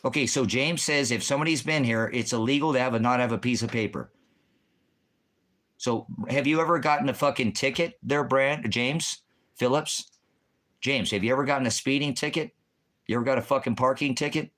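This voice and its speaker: A man's voice: mid-range voice, a little fast, a bit bright. A man hosting a livestream, angrily berating commenters with constant profanity in a heated, combative rant. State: agitated. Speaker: livestream host answering chat.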